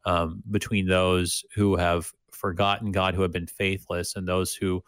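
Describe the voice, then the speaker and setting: A man's voice: sits low, little pitch movement, measured pace, a bit bright, dry recording, studio quality. A man co-hosting a casual Bible discussion, talking with many restarts and fillers and reading passages aloud. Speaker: Bible study co-host.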